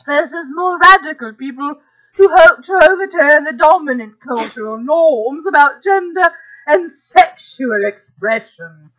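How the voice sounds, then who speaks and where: A woman hosts a casual live stream and reads an article aloud to her chat. Her voice sits high and bright. She takes her time with the words and drops into relaxed asides between passages. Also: low-quality recording. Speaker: podcast host reading an article aloud.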